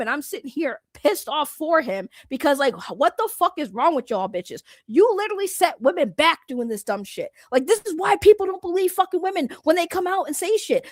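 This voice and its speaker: A young woman delivers a fired-up commentary rant, blunt and full of slang and cursing. Her voice sits high. The sound is dry and close, with no room around it. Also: no echo. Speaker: commentary YouTuber.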